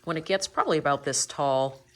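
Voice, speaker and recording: A woman's voice: sits low, brisk. A woman talking casually while she works in a greenhouse, explaining each step of her gardening in a friendly, chatty way. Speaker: gardening vlogger. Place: inside a greenhouse.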